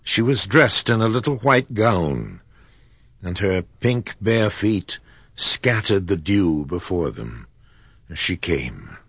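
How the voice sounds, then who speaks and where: Husky, low-voiced male narrator reading a classic story, unhurried and dry. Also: sing-song, a bit bright, no room sound, highs cut off.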